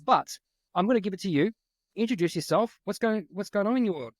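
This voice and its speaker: A man's voice: high-pitched, lively intonation, quick pace, no echo, clean studio sound. A man hosting a podcast, encouraging his guest in a casual interview. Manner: encouraging, laughs easily. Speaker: podcast host.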